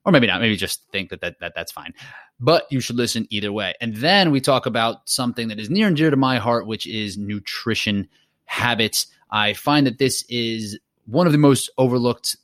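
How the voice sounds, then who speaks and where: A man's voice: medium pitch, lively intonation, moderate pace, fairly bright tone, no room sound, clean studio sound. A man hosting a running podcast, talking in a loose, chatty way and laughing easily. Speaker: podcast host. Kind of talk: casual podcast chat.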